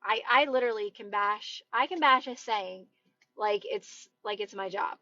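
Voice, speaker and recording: A woman's voice: mid-range voice, normal speed, sharp tone, no echo, highs cut off. A woman coaching viewers in a chatty, encouraging live stream from her parked car, often checking in with "right?". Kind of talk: casual live-stream motivational chat.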